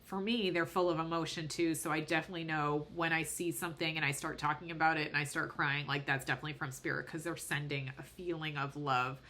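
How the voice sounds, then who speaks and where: Bright-voiced woman medium. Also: low voice, fairly even intonation, fast, few pauses. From Boston. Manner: earnest, rambling explanations with fillers. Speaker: podcast host and medium. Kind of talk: casual spiritual podcast talk.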